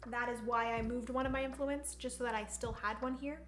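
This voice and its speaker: A woman's voice: a little high, steady tone, brisk, echoey room, faint music behind. A woman talking through a solo board game on a live stream, thinking aloud as she counts pieces and reads rules, and chatting playfully with viewers. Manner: greets chat viewers playfully.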